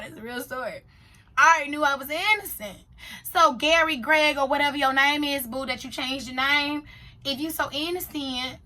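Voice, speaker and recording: A woman reviewing a TV show in a casual vlog, firing off blunt rhetorical questions, swearing freely as she tells a story. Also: high voice. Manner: animated, rapid rhetorical questions.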